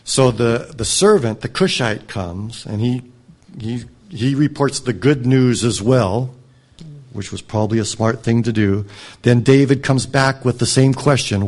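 A man reading a scripture passage aloud and commenting on it as a teacher, in a measured, reflective way. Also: medium pitch. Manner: measured, reflective, drops soft on moving lines. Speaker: Bible teacher.

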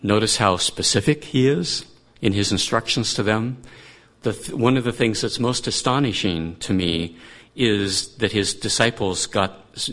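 A man's voice: on the low side, fairly bright tone. A man teaching through a Bible passage in a conversational way, thinking aloud and restarting his sentences.

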